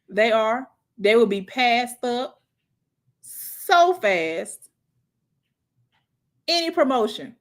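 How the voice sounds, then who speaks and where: A woman hosting a casual live talk with a slightly high voice. She talks in an animated, preachy way, calls her listeners child and honey, and mocks others in put-on voices. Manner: animated, preachy storytelling with mocking impressions. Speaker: host.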